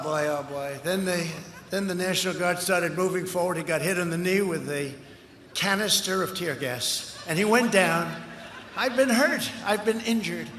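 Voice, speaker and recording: An older man giving a campaign rally speech outdoors, boastful and rambling, with punchy repetitions, heard through a loudspeaker. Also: sits high. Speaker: political candidate. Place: outdoor rally before a large crowd. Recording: echoey outdoor PA with crowd noise.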